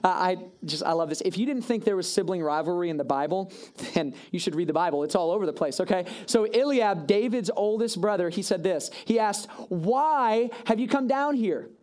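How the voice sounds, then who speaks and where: Quick, casual young preacher man. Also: high voice. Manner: casual, self-deprecating, lively asides. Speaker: youth pastor. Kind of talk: animated sermon retelling a story.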